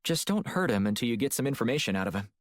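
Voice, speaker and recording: A male audiobook narrator voicing a steady, cautious female intelligence handler who talks in a measured, advising way. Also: medium pitch, no echo, clean studio sound, lightly acted.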